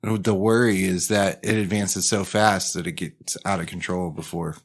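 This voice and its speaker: A man with a very low voice chatting on a podcast, crude and jokey, quick to laugh. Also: fairly even intonation. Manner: joking, crude, laughs often. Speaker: podcast co-host. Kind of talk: casual chat.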